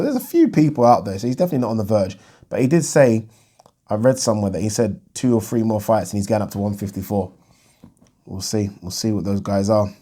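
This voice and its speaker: Male host, casual solo boxing commentary, low and warm delivery, blunt and chatty. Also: husky. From United Kingdom. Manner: chatty and blunt, thinking aloud with frequent ums.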